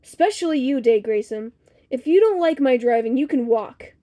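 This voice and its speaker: A woman voicing a bossy older woman who scolds loudly from the driver's seat, as part of a storybook reading. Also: high voice, expressive, normal speed. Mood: scolding.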